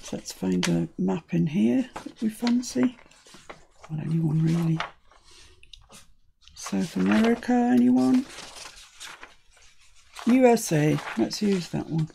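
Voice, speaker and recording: Chatty British woman with a gravelly voice. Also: medium pitch, animated, slow pace, long pauses, warm tone, a little hiss or hum. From United Kingdom. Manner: chatty, thinking aloud while working. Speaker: crafting tutorial host. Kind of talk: casual crafting tutorial.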